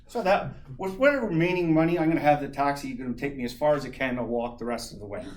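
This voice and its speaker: A man giving a humorous personal story as a club speaker, lively and chuckling, imitating sounds as he goes. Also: medium pitch, quick pace.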